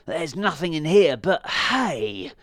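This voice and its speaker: A man voicing a hungry, selfish male dog in a storybook reading, with a grumbling, gruff manner and a raised voice. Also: a little high, expressive, normal speed, no echo, clean studio sound, voice pushed up, close to an everyday voice. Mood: grumpy.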